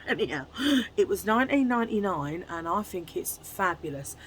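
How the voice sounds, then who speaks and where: A woman chatting casually to camera at home in a chummy way, full of quick asides. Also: on the low side, animated, slight background noise, low-quality recording. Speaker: haul vlogger.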